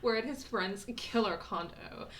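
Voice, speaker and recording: A woman's voice: mid-range voice, a bit bright, voice pushed up, close to an everyday voice. A woman putting on a bubbly young Valley Girl voice to read a postcard aloud, gushing and drawing out her words. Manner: drawn-out, gushing, exaggerated.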